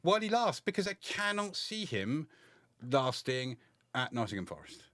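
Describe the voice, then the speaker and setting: Man, football podcast co-host, measured and blunt, dry close sound. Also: mid-range voice, very animated, a bit bright, dry recording. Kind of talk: casual football chat.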